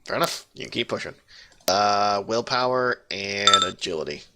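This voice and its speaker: A man's voice: on the low side, moderate pace, heavy background noise. A man running a tabletop game as game master, joking and rambling with restarts.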